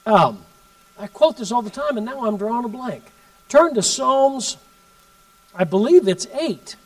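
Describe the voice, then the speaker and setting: Man preaching, fairly high voice, emphatic delivery, loud then hushed, heard from a distance. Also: lively intonation, moderate pace. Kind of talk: sermon storytelling.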